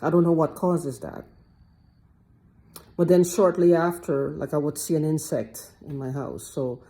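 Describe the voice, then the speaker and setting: Low, mellow-voiced woman rambling. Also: fairly even intonation, measured pace. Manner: repetitive, rambling, restarts a lot. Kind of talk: casual monologue to camera.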